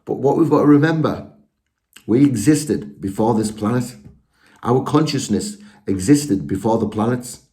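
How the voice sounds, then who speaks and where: A man's voice: medium pitch, lively intonation, normal speed, warm tone. A man speaking to viewers in a casual, rambling monologue, earnest and often restarting his sentences. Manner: rambling, self-correcting, earnest. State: out of breath. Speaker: spiritual video speaker.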